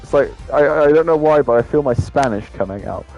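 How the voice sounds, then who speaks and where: A man's voice: medium pitch, a little fast, darkish tone, lo-fi sound, soft background music. A man giving casual live commentary on a sim race, with lots of filler ums and a loose, chatty way of talking.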